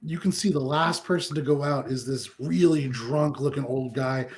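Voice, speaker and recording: A man serves as game master, describing a burning town at a tabletop game. His voice sits at an ordinary middle pitch. He narrates loosely, with frequent ums and kind ofs. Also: moderate pace. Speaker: dungeon master.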